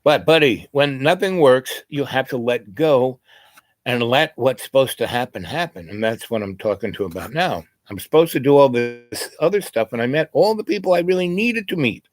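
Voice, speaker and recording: A man's voice: medium pitch, animated, moderate pace, no room sound. A man telling a meandering personal story in a casual vlog, full of "you know" asides. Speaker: spiritual vlogger.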